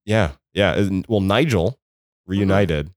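A man co-hosting a comedy podcast, reading odd news items aloud in an animated, playful way. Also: sits low, slow pace. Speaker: podcast co-host. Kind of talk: casual chat, reading news stories.

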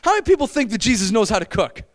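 Guy preaching at camp, higher voice, goes big and loud then drops low and intense. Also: very fast. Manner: animated, shifts between loud exclamation and low intensity; acts out quoted voices. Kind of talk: sermon. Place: camp meeting room.

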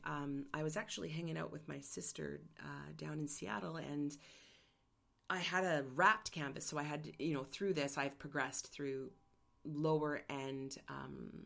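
Low-pitched middle-aged woman host, candid and emotional, personal storytelling. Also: gravelly, a bit bright. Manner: candid, emotional, gets choked up. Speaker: podcast host and artist.

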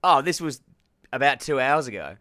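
A man's voice: medium pitch, very animated, normal speed, pushed and bright. A young Australian man co-hosting a casual podcast, telling a story with swearing and mock outrage. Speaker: podcast co-host. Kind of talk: casual chat. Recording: phone or laptop call from abroad.

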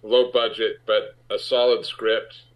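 A man, an actor, speaking frankly in a conversational interview, halting with restarts and rising sharply when he makes a point. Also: lowish voice, level tone. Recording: muffled lo-fi audio.

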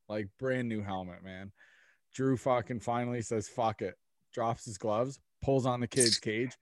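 Young man, casual storyteller, profane and animated, dry close sound. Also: medium pitch, no echo. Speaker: storyteller among friends. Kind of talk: casual chat.

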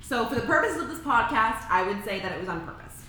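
A woman with a bright voice and a lively, swooping pitch gives frank opinions on a book, swearing casually. Her voice bounces around a very echoey room. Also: fast talker, a little hiss or hum. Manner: expressive, blunt, swears casually. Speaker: podcast co-host.

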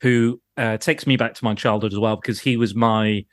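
A man's voice: fairly low pitch, fairly even intonation, brisk, dry recording, studio quality. A man co-hosting a podcast in casual chat, rambling and self-deprecating, swearing and laughing often as he talks. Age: adult, grew up in the nineties. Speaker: podcast co-host.

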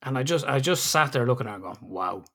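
A middle-aged man chatting on his podcast, open and reflective, with swearing dropped in freely. His voice has a gravelly, creaky edge at a medium pitch. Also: lively intonation, fast, pushed and bright. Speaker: podcast host. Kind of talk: casual podcast chat.

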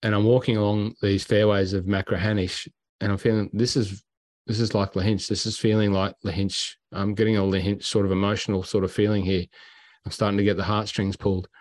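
Telling travel stories in relaxed podcast chat, an Australian man acts out quotes and sounds with animated energy. His voice is fairly low in pitch and brisk, captured in a dry recording.

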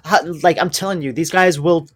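A man co-hosting a talk show, explaining things in a relaxed, rambling way. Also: on the high side, a little fast. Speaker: co-host. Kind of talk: casual chat.

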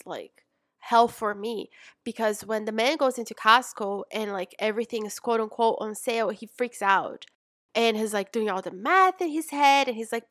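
A young adult woman coaching in a chatty, animated way, calling her listener mama and sis. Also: on the high side, no room sound, clean studio sound. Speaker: business coach. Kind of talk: casual coaching talk.

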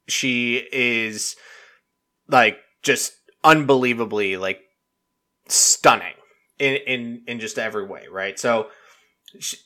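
Guy rambling a tv recap, bright forceful voice, says like constantly, swears a lot. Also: medium pitch. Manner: rambling, full of "like" fillers, swears freely. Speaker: reality TV recap vlogger. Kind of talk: casual chat.

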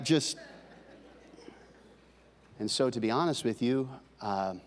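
A male pastor preaching a sermon, swinging between loud, driving passages and quiet, confiding talk with his congregation. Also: lowish voice. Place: large church hall. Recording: long hall reverb.

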